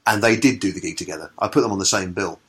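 A man with a lowish voice chats casually in an interview, praising acts with rambling enthusiasm. He hesitates often and circles back on his thoughts. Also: racing, a bit bright. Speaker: comedy promoter.

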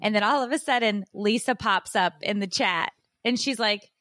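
A woman hosting a podcast, telling a story in frank, animated casual chat and acting out what people said. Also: mid-range voice, moderate pace, dry recording, studio quality. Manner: animated, acts out quotes, frank and profane. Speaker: podcast host.

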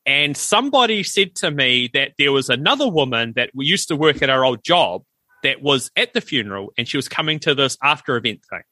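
Bright-voiced New man telling stories. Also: medium pitch, fairly quick, dry recording. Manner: animated storyteller, acts out quoted voices. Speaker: podcast co-host. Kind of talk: casual chat.

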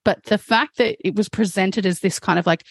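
A woman's voice: medium pitch, brisk, creaky, husky, dry recording. A woman speaking as a guest, telling a personal story candidly, with frequent fillers and some swearing. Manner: frank, swears, many fillers like "like" and "um".

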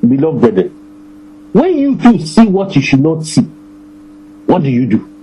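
A man preaching a sermon to his congregation, emphatic, repeating phrases and slowing down to stress scripture. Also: on the high side, huge pitch swings, mellow, husky, poor audio.

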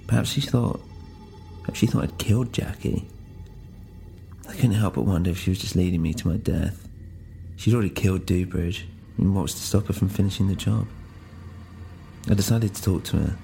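A man narrating a first-person story in a measured, quiet way. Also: deep voice, gravelly.

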